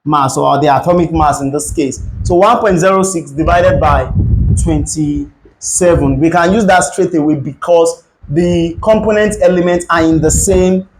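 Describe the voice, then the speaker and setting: A man's voice: a little high, moderate pace, a little hiss or hum, poor audio. A man teaching an exam-prep chemistry lesson, working through calculations step by step and repeating key points. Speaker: chemistry tutor.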